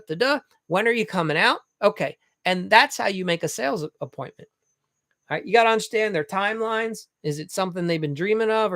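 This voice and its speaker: Remodeling coach guy, kinda high voice, blunt and chatty, dry close sound. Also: a bit bright, no room sound. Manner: blunt, folksy, acts out little dialogues. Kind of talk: casual coaching monologue.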